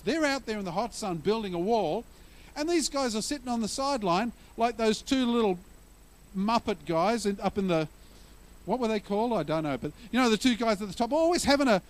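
A male pastor preaching a sermon in a conversational way, telling stories and using humor to explain scripture. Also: high-pitched.

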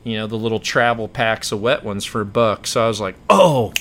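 A man's voice: on the low side, level tone, a little fast, fairly bright tone. A man hosting a podcast, telling a story in a rambling, self-correcting way. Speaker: podcast host. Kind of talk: casual storytelling chat.

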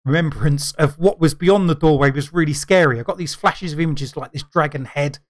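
Casting: middle-aged male podcast co-host, a bit high-voiced, loose rambling delivery. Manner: rambling, halting, many fillers and restarts. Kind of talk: casual chat.

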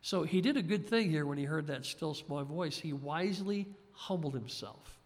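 A man's voice: fairly high pitch, lively intonation, moderate pace. A man preaching a sermon in a conversational, folksy way, with frequent asides to his listeners. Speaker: pastor. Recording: long hall reverb.

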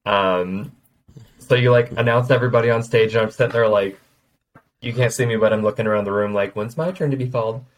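A man's voice: lowish voice, steady tone, a little fast, poor audio. Frank, swearing young man telling stories. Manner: frank, profane storyteller. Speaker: podcast guest, drag performer. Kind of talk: casual interview chat.

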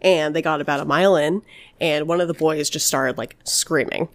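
A woman's voice: low-pitched, steady tone, moderate pace. A woman hosting a casual podcast, telling paranormal stories in a rambling way, full of "like" and "obviously". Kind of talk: casual storytelling chat.

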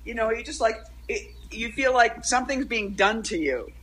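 Woman poet guest, bright tone, rambling and self-interrupting. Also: on the high side, animated, moderate pace, slight background noise, rough recording. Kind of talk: casual interview chat.

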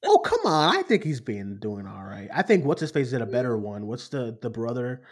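A man's voice: medium pitch, big pitch swings, fairly quick. A man hosting a casual chat show, riffing and laughing as he talks. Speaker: podcast host.

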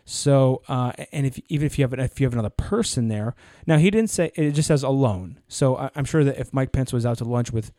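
Brief: young male podcast co-host, mellow and dry, rambling storyteller. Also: mid-range voice, lively intonation, brisk, hardly any pauses, no room sound. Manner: rambling, acts out quoted people in anecdotes. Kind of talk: casual podcast conversation.

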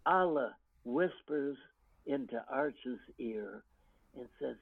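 An older American man, a guest actor, reminiscing in an interview with unhurried storytelling full of ums and restarts. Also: medium pitch. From United States. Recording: tinny phone-line audio.

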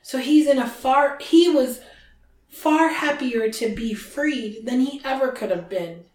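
A woman hosting a casual book-discussion podcast, retelling the chapter in an animated way. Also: sits high, measured pace. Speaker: podcast host. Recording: roomy echo.

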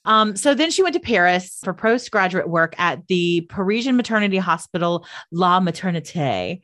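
A woman's voice: fairly low pitch, expressive, normal speed, a bit bright. A woman co-hosting a podcast, telling a history story in a playful, teasing way with frequent laughs. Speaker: podcast co-host. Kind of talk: casual chat, storytelling.

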